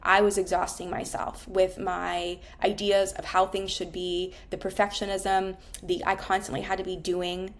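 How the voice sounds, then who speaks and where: A woman's voice: fairly low pitch, completely flat delivery, moderate pace, hardly any pauses, slight background noise. Candid woman therapist, swearing freely. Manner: candid and emotional, swears often. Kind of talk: reflective personal monologue.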